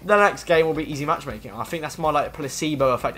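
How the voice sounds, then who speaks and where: A young man commenting on his own football video game match, muttering complaints and then shouting at big moments. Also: fairly high pitch, fast, hardly any pauses. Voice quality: expressive, with slang and swearing. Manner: swings from mumbled grumbling to screaming at the game. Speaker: gaming commentator.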